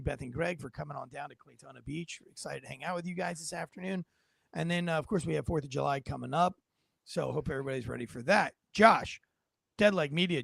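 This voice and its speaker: A man hosting a casual political commentary show, animated and joking, his voice raspy from yelling. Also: fairly high pitch, no room sound, clean studio sound. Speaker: podcast host.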